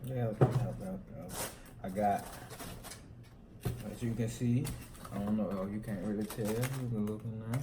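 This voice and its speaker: A man's voice: lowish voice, steady tone, measured pace, pauses often, reverberant, far from the mic, noisy background. A young man with a Southern US accent, chatting in a laid-back way and chuckling while he eats. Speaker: co-host. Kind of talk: casual chat while eating.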